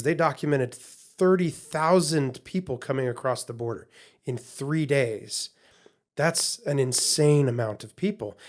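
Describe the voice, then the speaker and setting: A man co-hosting a podcast, talking in a casual, rambling way with many fillers and restarts. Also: a little high. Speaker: podcast co-host.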